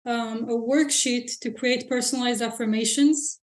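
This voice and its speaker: A high-pitched woman speaks as a coach and guest on a podcast. She explains her methods bluntly and matter-of-factly in casual conversation. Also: steady tone, moderate pace. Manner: direct and matter-of-fact, blunt. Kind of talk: casual interview chat.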